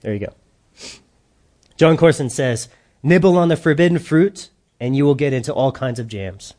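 A man's voice: medium pitch, animated, normal speed, darkish tone. A middle-aged male pastor giving a conversational sermon, acting out short quoted voices as he preaches.

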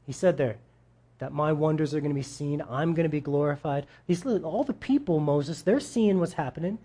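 A man preaching a sermon in a casual, conversational way, acting out quoted voices with big jumps in pitch and talking straight to his audience. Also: moderate pace, mellow, breathy edge. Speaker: pastor.

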